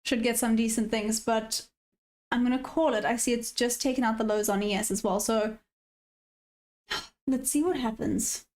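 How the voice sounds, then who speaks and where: A woman's voice: on the high side, fairly even intonation, normal speed, pauses often, a little mellow. A South African woman hosting a live trading stream, chatting casually and answering viewers' comments. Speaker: day-trading livestream host. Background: faint background music.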